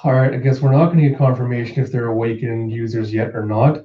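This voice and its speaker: A man's voice: medium pitch, level tone, fast talker, slight background noise. A young man casually reacting to and reviewing a comic chapter, chatty, laughing, and acting out the characters as he reads. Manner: chatty, laughing, acts out voices. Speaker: manga reviewer. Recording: echoey room, dull lo-fi.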